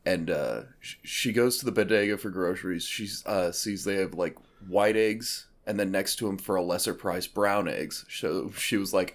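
A man's voice: fairly low pitch, normal speed. A man hosting a podcast, telling a long rambling family story in casual chat, full of "like" fillers. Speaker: podcast host.

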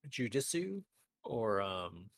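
A man's voice: lowish voice, sing-song, slow pace, creaky, dry recording, clean studio sound. A man co-hosting a live stream talk show, bantering with jokes at his own expense. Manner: joking, self-deprecating banter. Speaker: podcast co-host. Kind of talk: casual chat.

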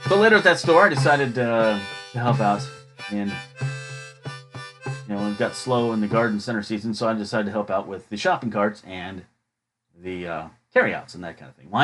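A man's voice: lowish voice, lively intonation, brisk, fairly bright tone, soft background music. A man hosts a podcast and tells funny work stories in a casual, chatty way. He keeps it jokey and acts out what other people said. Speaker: podcast host. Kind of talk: casual storytelling.

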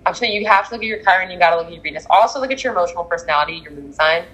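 A woman's voice: fairly low pitch, rapid-fire, fairly bright tone, lo-fi sound, a little hiss or hum. A woman in casual chat, talking animatedly and acting out the people she quotes. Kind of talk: casual chat about astrology.

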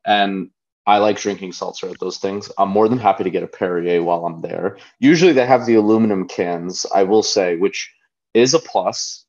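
A man's voice: sits low, moderate pace, a little mellow. A man as a podcast guest, giving rambling, hedging opinions in casual chat. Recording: dull lo-fi podcast audio.

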